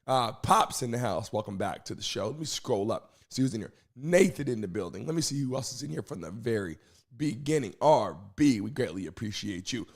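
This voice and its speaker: A man hosting a live stream show, hoarse from losing his voice, talking casually and energetically while greeting viewers in the chat. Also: medium pitch, lively intonation, brisk.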